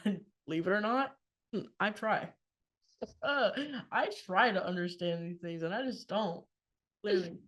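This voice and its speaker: At normal speed and medium pitch, a slightly bright-voiced woman in her twenties co-hosts a podcast. She keeps things chatty, recounting exchanges with plenty of quoted dialogue and laughs.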